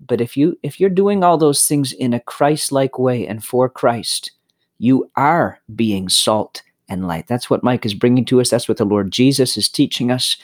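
A man co-hosting a religious podcast, responding thoughtfully in a halting, conversational way. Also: mid-range voice. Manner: thoughtful, halting, restarts phrases. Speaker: podcast co-host.

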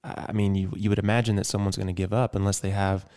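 A man's voice: on the low side, little pitch movement, fast, darkish tone. A man hosting an interview, supportive and winding through long questions with many fillers. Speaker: host. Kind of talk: casual interview.

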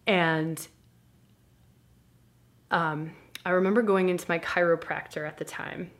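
A woman speaks slowly and frankly as a podcast guest, sharing a personal story. Her delivery is animated and self-mocking, with casual swearing mixed into an unhurried pace. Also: fairly low pitch.

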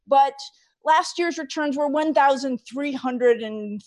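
Higher-pitched woman explaining finances. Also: takes it slowly, darkish tone. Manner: walks through figures step by step, emphatic. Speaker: financial advisor. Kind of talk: explanatory interview answer.

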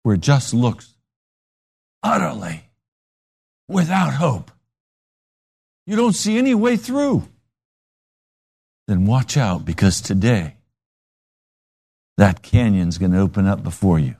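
A man's voice: fairly low pitch, sing-song, slow, gravelly, pauses often, a little mellow, breathy edge. A man preaching a sermon with dramatic, emphatic storytelling.

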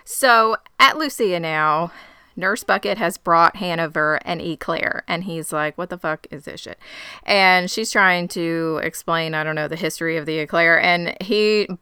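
A woman recapping a TV episode in casual conversation, her delivery wry and quick with dry jokes. Her voice is crisp and bright, recorded close and dry with no room sound. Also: lowish voice, no room sound. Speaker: podcast co-host.

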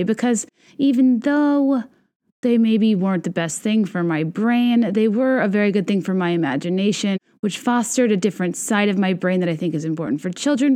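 A young adult woman hosts a podcast with a casual comedic monologue, wry, self-deprecating and rambling. Her voice is mid-range with a darkish tone.

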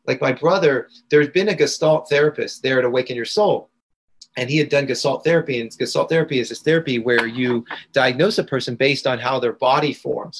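Husky-voiced man telling a raw story. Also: mid-range voice, poor audio. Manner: intense, raw, vivid retelling. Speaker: guest, integration coach. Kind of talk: emotional personal storytelling.

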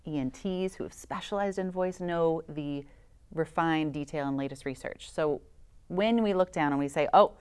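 Smooth-voiced woman explaining with enthusiasm. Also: deep voice, moderate pace, darkish tone. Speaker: voice specialist guest. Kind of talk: interview, explaining.

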